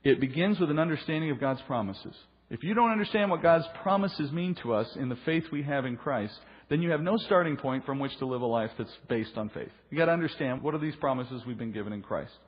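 A middle-aged male pastor preaching an earnest, explanatory Bible teaching, his voice a little husky. He lifts his pitch to stress a point. The recording is dull and lo-fi, with a long reverb trailing off his words. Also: expressive, brisk, few pauses.

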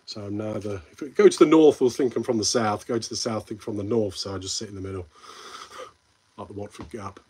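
A man with a Midlands English accent chats through a casual live stream and keeps calling his viewers mate. His voice is a little husky. He rambles between topics and reads comments out before answering them. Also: lowish voice, a little fast, dark tone. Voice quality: friendly banter with viewers, calls them mate.

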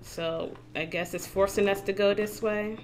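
A woman's voice: medium pitch, steady tone, normal speed. Chatty swearing woman streaming a game. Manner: chatty, swears freely, laughs often. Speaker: gaming streamer. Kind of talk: casual live-stream chat. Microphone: desk mic with facecam.

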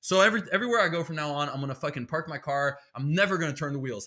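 A man's voice: a little high, expressive, very fast, pushed and bright. A man hosting a podcast, ranting in a heated, sarcastic comedic monologue full of swearing. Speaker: podcast host.

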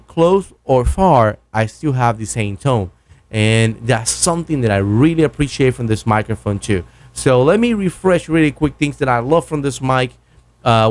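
Man in a home studio, loose and enthusiastic, talks gear, trips over his words, close on a broadcast mic. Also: mid-range voice. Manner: rambling, self-correcting, enthusiastic. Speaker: podcaster reviewing microphones. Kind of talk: casual gear review. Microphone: broadcast dynamic mic, close.

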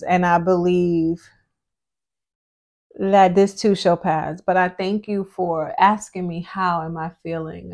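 A woman's voice: lowish voice, darkish tone. A pregnant woman in her thirties, a family vlogger talking candidly with her husband in a casual sit-down chat, full of "like" fillers. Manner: candid, chatty, with many "like" fillers. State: pregnant, often out of breath.

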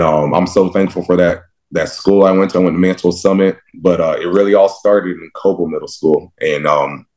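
A young man from Texas, a pro linebacker, telling stories in a casual interview, lively and laughing often as he acts out his younger self. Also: low-pitched. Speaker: guest, professional football linebacker.

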